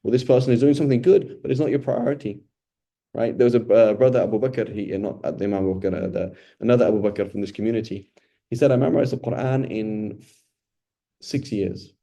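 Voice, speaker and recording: A man's voice: lowish voice, steady tone, quick pace, dark tone. A man giving an informal Quran study talk as a religious teacher, speaking conversationally with rhetorical questions and a frequent "right?".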